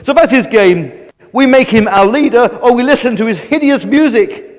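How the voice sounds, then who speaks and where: A man voicing an excitable, flustered everyday man who becomes a soup-powered hero in a storybook tale. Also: very high voice, moderate pace, in a large hall, voice pushed up. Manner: exclamatory, flustered.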